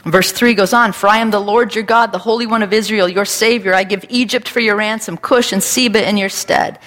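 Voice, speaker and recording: A woman's voice: mid-range voice, steady tone, a little fast, a bit bright. Earnest woman preaching in a reverberant hall. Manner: earnest, repetitive preaching cadence. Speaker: pastor. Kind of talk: sermon.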